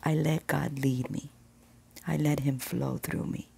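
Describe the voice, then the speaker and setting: A woman's voice: steady tone, a little slow, dark tone. A woman sharing a personal faith testimony, earnest and reflective, sometimes dropping to a whisper. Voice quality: gravelly low voice. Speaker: Christian vlogger sharing testimony.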